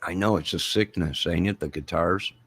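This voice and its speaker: A man's voice: low voice, moderate pace, fairly bright tone, breathy edge. A middle-aged man hosting a livestream, chatting casually with viewers in a rambling, joking way. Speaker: livestream host. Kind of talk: casual chat with live viewers.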